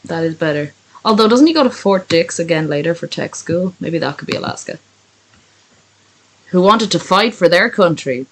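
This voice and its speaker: Lively, sweary woman streamer. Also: on the low side, a little slow, long pauses. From not from America. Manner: profane, sarcastic, chatty with viewers. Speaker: livestreamer. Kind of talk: reading a fan story aloud with live commentary.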